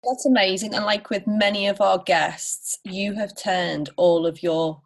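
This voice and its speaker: A woman co-hosting a podcast, praising her guest in an unhurried way. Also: mid-range voice, steady tone, vocal fry. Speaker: podcast co-host. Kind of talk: casual interview talk.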